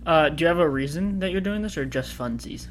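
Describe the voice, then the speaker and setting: A man chatting casually with friends about a film, playful and quick to laugh or scold. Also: a little high, lively intonation, slight background noise. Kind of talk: casual chat reviewing a film.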